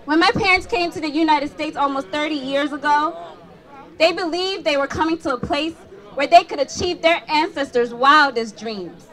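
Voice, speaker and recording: Young female rally speaker, high bright delivery, rhythmic declamation over a murmuring crowd. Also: moderate pace. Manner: rhythmic, declamatory, calls for response. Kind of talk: impassioned protest speech. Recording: outdoor rally with crowd and music.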